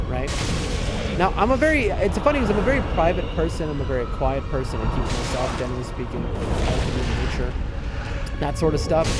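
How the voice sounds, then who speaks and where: An American man in his late twenties, a streamer chatting casually with his chat while he plays, rambling and talking back to viewers. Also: a little high. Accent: American, shifting East Coast. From United States. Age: late 20s. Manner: chatty, rambling, answers chat mid-game. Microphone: headset. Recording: loud music behind.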